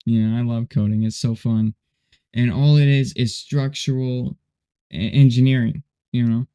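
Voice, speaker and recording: A man's voice: mid-range voice, steady tone, a little slow, mellow, clear, resonant tone. A man hosting a casual livestream while coding, rambling and laid-back, often saying "dude" and "you know". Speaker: livestream host.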